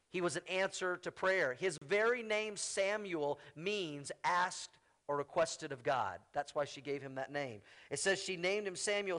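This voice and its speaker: A pastor with a fairly high voice for a man preaches a sermon in an easy, conversational way. He drops wry asides and calls out to the congregation to finish his lines. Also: a bit bright.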